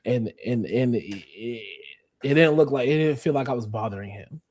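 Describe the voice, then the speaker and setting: A man of middling pitch co-hosts a podcast, telling a story in a loose, hesitant way with plenty of ums and restarts. His voice sounds close and dry. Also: expressive, normal speed, darkish tone, dry recording. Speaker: podcast co-host. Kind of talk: casual podcast chat.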